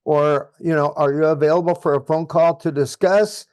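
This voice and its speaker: A man's voice: fairly high pitch, fairly even intonation, moderate pace, darkish tone, clear, resonant tone, dry recording. Man coaching in a dry, close sound. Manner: coaching, reads sample texts aloud with punctuation. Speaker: real estate trainer. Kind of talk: online training session.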